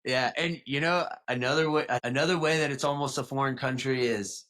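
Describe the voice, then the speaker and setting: A man's voice: mid-range voice, fairly quick, fairly bright tone. A young man from Louisiana with a faint South Louisiana accent, rambling casually as a podcast guest. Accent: light South Louisiana. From Louisiana, south of New Orleans. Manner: rambling, self-correcting, with many "like" and "you know". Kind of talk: casual storytelling interview.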